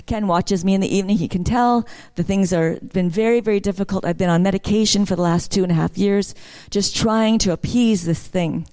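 A woman's voice: medium pitch, brisk, hardly any pauses, warm tone. Middle-aged woman giving a church testimony, chatty and personal, building to fervent praise. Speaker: worship leader sharing a testimony.

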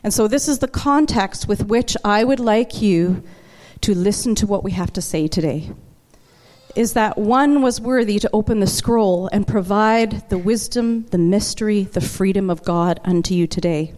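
A woman preaching a sermon to her congregation, chatty and emotional, slowing down to lean on key words. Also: medium pitch, darkish tone. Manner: conversational and emotional, slows for emphasis. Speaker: worship leader preaching. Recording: long church hall reverb.

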